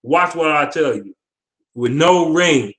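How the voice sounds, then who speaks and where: A man rants through his football picks in a fairly high voice, cursing freely as he trash-talks. His delivery is casual and animated, with laughter breaking into the rant. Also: slow pace. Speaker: sports vlogger. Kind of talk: casual trash-talk commentary.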